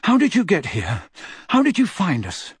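Brief: male reader doing a shaken teenage boy wizard, earnest and urgent, lively delivery. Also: sits high, moderate pace, breathy edge, no echo, pitched above the performer's own voice, full character voice.

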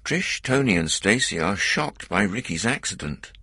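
Deep lively male narrator, bright, husky, dry close recording. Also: moderate pace, dry recording. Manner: lively, plain reading for learners. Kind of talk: scripted storybook narration.

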